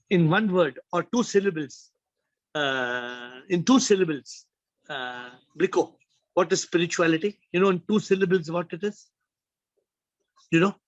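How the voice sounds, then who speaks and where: A man's voice: high voice, dry recording, lo-fi sound. A man hosting a spiritual Q&A over a video call, emphatic and fond of rhetorical questions.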